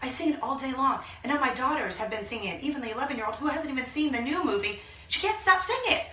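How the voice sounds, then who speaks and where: A woman in her thirties hosting a casual vlog from a small laundry room, talking excitedly and gushing to her viewers. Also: high-pitched, racing. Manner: gushing, excitable, bursts into song. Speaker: vlog host. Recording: echoey small room, mic at a distance.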